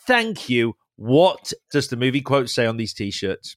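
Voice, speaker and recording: A man's voice: medium pitch, sing-song, unhurried, dry recording, studio quality. A man hosting a podcast interview in casual chat, upbeat and steering the guest with questions. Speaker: podcast host.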